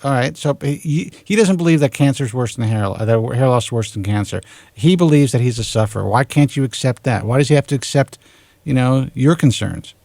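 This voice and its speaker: A man's voice: medium pitch, expressive, brisk, gravelly, a little mellow, dry recording. A male radio host taking calls in casual, blunt banter, often restarting his sentences. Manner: blunt, swears, restarts a lot.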